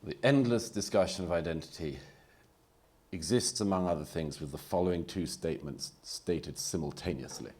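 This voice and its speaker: A man with a strikingly deep, husky voice argues his point on a debate panel. He speaks in an articulate, polemical way with a dry, wry edge. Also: normal speed, darkish tone.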